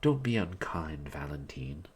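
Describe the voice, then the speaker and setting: A man reading aloud and voicing a flustered young gentleman who stammers and defends himself. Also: rumbling low, big pitch swings, a little slow, heavily acted.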